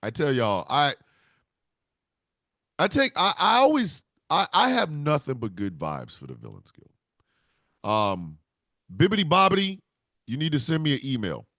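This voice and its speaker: Male podcast host, gravelly and lively, rambles heartfelt off the cuff, dry close sound. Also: fairly high pitch, a little slow, long pauses, no room sound. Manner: rambling and heartfelt, with frequent restarts. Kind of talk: casual solo talk.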